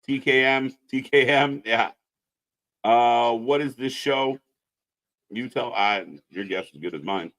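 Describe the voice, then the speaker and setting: A man's voice: medium pitch, a bit bright. A man co-hosting a live wrestling commentary stream, talking casually and bluntly, swearing and ranting with strong opinions.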